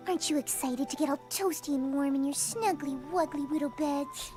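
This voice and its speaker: A woman voicing a timid, gentle young female pony in a cartoon, soft and hesitant, with a sweet, fretful manner. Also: high-pitched, fairly quick, music in the background, natural voice. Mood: coaxing. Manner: sweet, fretful, speaks quietly. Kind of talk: cartoon voice acting.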